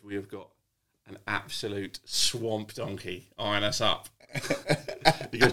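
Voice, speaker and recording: A man's voice: fairly low pitch, fairly even intonation, slow pace, bright, forceful tone. A man chatting on a podcast, rambling through a story with lots of restarts and swearing. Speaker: podcast co-host. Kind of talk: casual chat.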